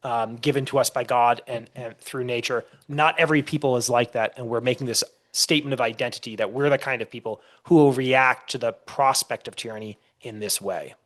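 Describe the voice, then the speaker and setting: A man's voice: mid-range voice, steady tone, brisk, few pauses, fairly bright tone. A man, a historian being interviewed on a podcast, explaining at length with frequent restarts and storytelling. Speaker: historian guest.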